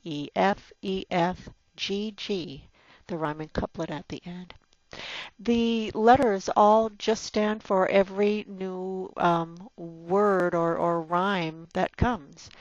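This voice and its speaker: In a dull lo-fi recording with no echo, a woman with a fairly low voice lectures on poetry. She uses many fillers and restarts and taps out the meter aloud as she teaches.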